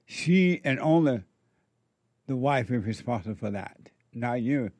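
A man's voice: medium pitch, expressive, unhurried, darkish tone, no echo. A man preaching a spiritual sermon, emphatic and repetitive, firing rhetorical questions at his listeners.

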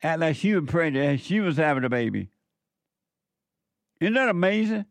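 A man's voice: on the high side, animated, moderate pace, vocal fry, dry recording. Preachy radio host man, dry sound. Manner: preachy, emphatic, repeats phrases. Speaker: radio talk show host. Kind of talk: call-in radio talk.

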